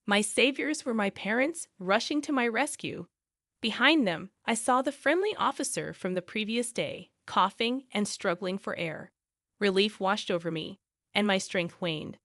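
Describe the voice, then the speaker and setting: A woman narrating a first-person family drama story in a steady, plain way. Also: mid-range voice, normal speed, dry recording, studio quality.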